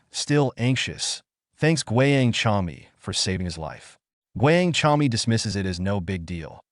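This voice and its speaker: A man narrating a comic story recap in a steady, scripted storytelling manner. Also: on the low side, no room sound, clean studio sound.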